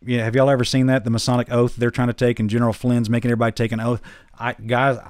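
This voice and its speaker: A man with a Southern accent, preaching and chatting casually to camera as host, earnest and dropping low and quiet to stress his points. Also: level tone, rapid-fire, no room sound, clean studio sound.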